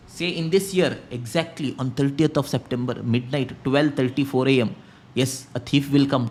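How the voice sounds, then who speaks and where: A young man with an Indian English accent teaching a lecture, firing rhetorical questions at his students. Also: on the high side. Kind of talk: classroom lecture.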